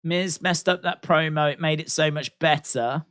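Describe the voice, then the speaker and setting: A man's voice: a little high, steady tone, normal speed, a bit bright, clear, resonant tone, no room sound, clean studio sound. A man reacting live to a wrestling show, repeating lines and laughing at his own jokes.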